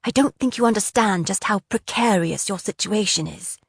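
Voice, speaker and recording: A cold, menacing male interrogator who pushes with clipped questions, as a woman narrator reads him. His voice stays close to the reader's own middle pitch. The sound is dry and close. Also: moderate pace, gravelly, breathy edge, no echo. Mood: pressing.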